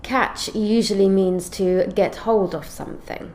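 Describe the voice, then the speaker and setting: A woman teaching an English grammar lesson, explaining clearly and reading out example sentences in a measured way. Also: medium pitch, steady tone, darkish tone, slight background noise.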